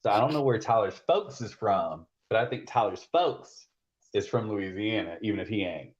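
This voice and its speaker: A man from the American South holds forth on a live stream, his voice pitched on the low side. He rambles bluntly, swears freely, and leans on lots of fillers. The audio sounds dull and lo-fi. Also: lively intonation, normal speed. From Georgia, US. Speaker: stream host. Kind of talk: casual live-stream chat.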